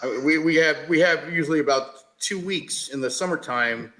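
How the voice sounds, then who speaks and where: A man from upstate New York chatting easily, with halting repeated starts. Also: fairly high pitch, fairly bright tone, low-quality recording. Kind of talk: casual group video chat.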